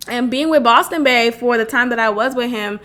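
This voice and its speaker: A young woman talks through a personal story on her own podcast, her voice sitting a little high. She jumps into quoted voices and swears freely, keeping it loose and animated. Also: brisk. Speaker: podcast host. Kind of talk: casual solo podcast talk.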